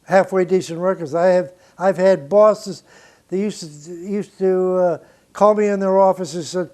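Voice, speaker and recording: An older man with a notably high speaking voice tells studio stories from his years as a record producer. He is blunt and profane and animated, breaking into laughter between anecdotes in a relaxed interview. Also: a little slow.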